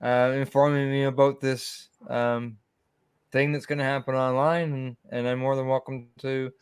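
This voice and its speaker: A man's voice: mid-range voice, little pitch movement, normal speed, clear, resonant tone, no echo, clean studio sound. A man hosting a casual chat over a video call, talking in a rambling way full of asides. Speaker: host.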